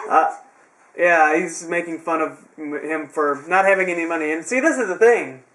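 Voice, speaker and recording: A man's voice: on the high side, normal speed, fairly bright tone. A young man casually recapping a wrestling show, rambling with sarcastic asides.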